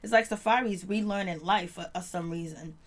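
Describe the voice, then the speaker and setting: A woman hosting a casual reality TV recap vlog, telling it in a slangy, laid-back way with quick laughs. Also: lowish voice.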